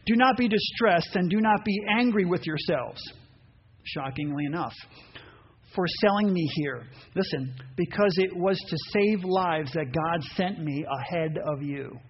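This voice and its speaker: Male preacher, sermon, high voice, dull muffled recording, faint hiss. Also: a little slow. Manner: animated, acts out voices and reads scripture aloud.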